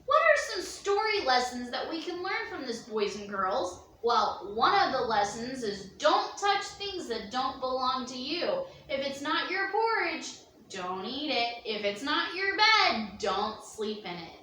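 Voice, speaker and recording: Bright, high-voiced woman reading storytime to kids, slow and animated, roomy and distant. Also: slight background noise. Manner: expressive, slow, with gasps and sweeping pitch. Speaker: storyteller for children. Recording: echoey room, distant mic, faint ambience.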